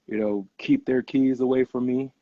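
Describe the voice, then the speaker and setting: A man's voice: mid-range voice, fairly even intonation, normal speed, no echo. A young man hosting a podcast, talking earnestly in casual conversation and often repeating words as he gets going. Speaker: podcast host. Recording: dull, muffled podcast audio.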